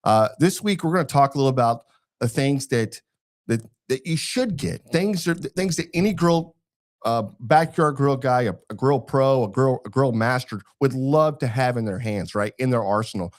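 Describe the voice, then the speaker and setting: A man's voice: medium pitch, expressive, normal speed. A man with a Texan accent hosting a casual barbecue podcast, rambling with fillers and restarts. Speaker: podcast host. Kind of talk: casual chat.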